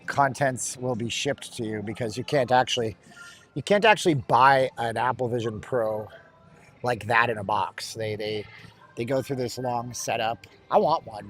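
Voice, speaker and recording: A man hosting a casual walking-tour livestream outdoors, chatting and joking with viewers as he walks. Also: mid-range voice. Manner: chatty, joking, laughs often. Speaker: livestream host. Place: outdoors at an outlet mall.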